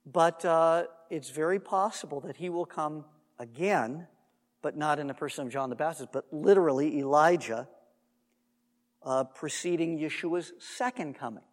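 A man with a notably high voice teaches scripture like a storyteller, acting out the lines of the people in the story. His voice carries a long echo, as from a large hall. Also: moderate pace. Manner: animated storytelling, acts out quotes; undogmatic, conversational asides. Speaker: Messianic teacher. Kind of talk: Bible teaching sermon.

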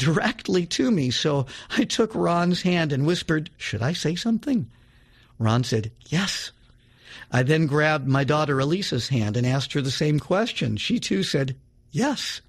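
A man hosting a religious talk show, reading a testimony aloud with dramatic emphasis, then talking casually with some fillers. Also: mid-range voice. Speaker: radio show host.

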